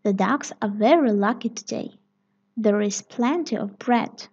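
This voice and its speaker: A woman reading a children's story aloud, slow, clear and expressive, with a breathy voice, on a dull lo-fi recording. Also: mid-range voice. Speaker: read-aloud narrator.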